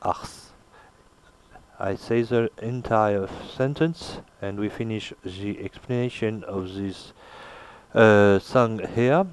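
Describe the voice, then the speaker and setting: With a smooth, lowish voice, a man whose first language is French teaches pronunciation very slowly. As a language teacher he hesitates often, filling gaps with "uh," and models each sound by repeating the words slowly.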